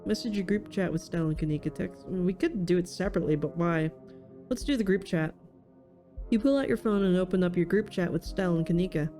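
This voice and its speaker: A woman's voice: lowish voice, brisk, mellow, soft background music. A woman streamer playing a visual novel, reading the narration aloud and chatting playfully. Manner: playful, laughs often, reads narration aloud. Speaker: game streamer. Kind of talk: let's play, reading and voicing a visual novel.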